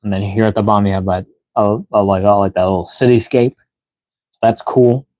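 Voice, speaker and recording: Speaking fairly quickly in a fairly low, slightly mellow voice with fairly even intonation, a weary man runs a toy unboxing live stream. He rambles casually, leans on fillers, yawns, sounds breathless, and reads the chat aloud. There's no room sound.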